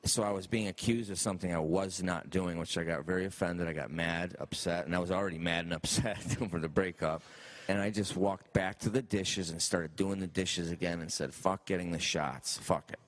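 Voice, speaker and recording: A male comedian with a low, deep voice tells a long stand-up story. He keeps it animated and jumps into other people's voices as he acts out their lines. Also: a little fast.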